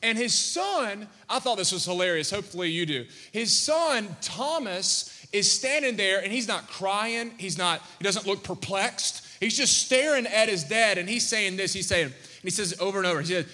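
A man preaching to his congregation, telling a story with animated energy and calling questions out to the crowd. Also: sits high, normal speed, few pauses. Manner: animated, calls out questions to the audience. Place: church sanctuary. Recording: long church-hall reverb.

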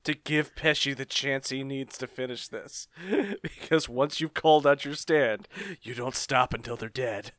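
A man co-hosting a casual podcast chat, excitable, laughing often and swearing casually. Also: mid-range voice, a little slow, dry recording, studio quality. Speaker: podcast co-host. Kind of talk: casual chat about an anime.

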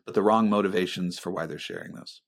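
A middle-aged man talking earnestly about faith and relationships, with a pastoral manner, often dropping into a soft, low voice. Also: fast talker. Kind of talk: reflective faith conversation.

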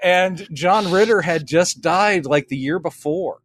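A man with a somewhat high voice, co-hosting a podcast and chatting casually. He tells stories with energy and acts out the voices of the people he quotes. The sound is dry and close, with no room around it. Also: unhurried, fairly bright tone, no echo. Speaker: podcast co-host. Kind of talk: casual chat.

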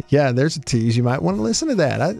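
A man's voice: medium pitch, big pitch swings, brisk, creaky, darkish tone, faint music behind. A man hosting a sports talk radio show, incredulous and joking, laughing often. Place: radio studio. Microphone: studio microphone.

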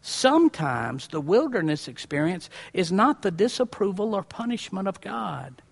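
Vocal fry colors this man's high-pitched, very animated voice as he preaches at a moderate pace. His sermon is folksy and dramatic, full of repetition and questions aimed at the congregation.

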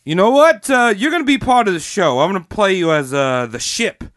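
A man voicing a pushy British talent manager in a mock British accent, loud and raised like a salesman. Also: high-pitched, animated, fairly quick, no room sound, studio quality.

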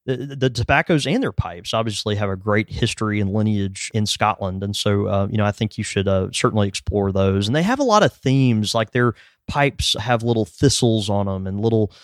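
A man's voice: on the low side, brisk, no echo, clean studio sound. A man co-hosting a podcast, explaining at length in casual chat, with lots of fillers and hedges. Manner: rambling, hedging with fillers. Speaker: podcast co-host.

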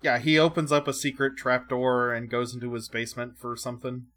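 A man's voice: mid-range voice, little pitch movement, fairly quick, fairly bright tone. Easygoing man chatting about a show. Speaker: podcast co-host. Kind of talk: casual episode recap.

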